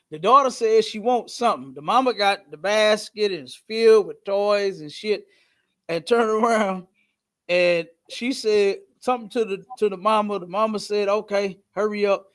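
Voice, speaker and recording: A man's voice: sits high, moderate pace, fairly bright tone. A man teaching a class in a loose, casual way, telling stories and swearing freely. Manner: loose, profane, storytelling.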